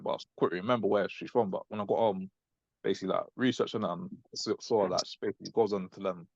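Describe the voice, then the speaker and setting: Rambling young British man, fast and lo-fi. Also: fairly low pitch, creaky, dry recording. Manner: rambling, filler-heavy, ends lines with "innit". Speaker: class member recounting an encounter. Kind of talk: casual call chat. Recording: dull lo-fi audio.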